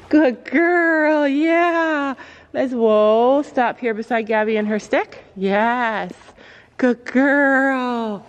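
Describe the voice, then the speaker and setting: A woman vlogging outdoors with horses, talking softly and coaxingly to a nervous pony, recorded on a camera mic. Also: a little high, measured pace, long reverb tail, lo-fi sound. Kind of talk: casual vlog narration.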